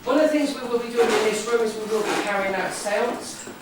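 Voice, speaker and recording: This psychic ghost-hunt host has a higher voice and a quick pace, chatting and joking in her West Country accent as she briefs the group and asks "okay?". She's recorded by a distant camera in an old building's large, echoing room, with background noise.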